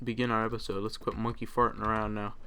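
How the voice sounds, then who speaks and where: A man's voice: on the low side, level tone, fast talker, bright, forceful tone, a little hiss or hum. A man hosting a let's play, chatting casually over his gameplay and rambling with many ums and uhs.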